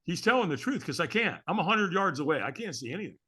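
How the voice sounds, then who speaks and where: A man's voice: on the high side, sing-song, fast talker, sharp tone, breathy edge. A middle-aged man, a podcast guest, telling a story with energy and acting out the voices of the people in it. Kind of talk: animated storytelling.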